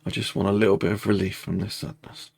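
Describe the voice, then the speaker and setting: A man leading a guided tapping meditation, speaking slow, repetitive first-person affirmations. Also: lowish voice, flat delivery, creaky, a little mellow, breathy edge, dry recording.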